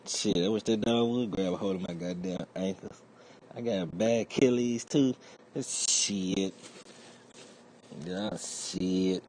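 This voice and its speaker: A man hosting a livestream, telling stories in a profane, rambling way and acting out other people's voices loudly. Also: deep voice, expressive, slow, slight background noise, rough recording. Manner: acts out quoted voices loudly. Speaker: livestream host. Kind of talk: casual livestream chat.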